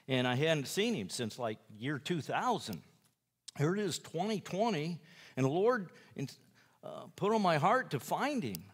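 A man's voice: on the high side, in a large hall. A man who preaches in jails tells his personal testimony in a folksy, rambling way, acting out the lines of other people. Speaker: jail preacher.

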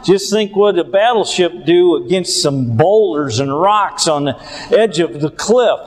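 A man shares a story as a sermon in a large hall. He speaks slowly and deliberately, in a somewhat high voice, pausing to ask his listeners questions. A long reverb hangs on his words. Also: lively intonation. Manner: slow, deliberate, asks the audience questions.

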